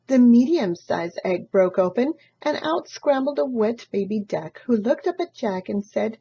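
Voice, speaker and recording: Slow, expressive woman reading a storybook. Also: a little high, gravelly, breathy edge, highs cut off. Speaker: storybook reader. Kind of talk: children's story read-aloud.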